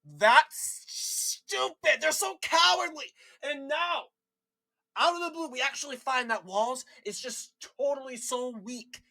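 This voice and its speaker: A man's voice: very high-pitched, measured pace, sharp tone. A man from Minnesota giving an opinionated political rant, indignant and combative, firing off rhetorical questions. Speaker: political commentator.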